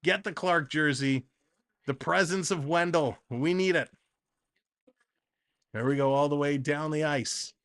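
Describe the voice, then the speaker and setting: This hockey livestream host has a voice on the high side and an unhurried delivery with frequent pauses. Still excitable and chatty, he mixes play-by-play calls with reading comments from the chat.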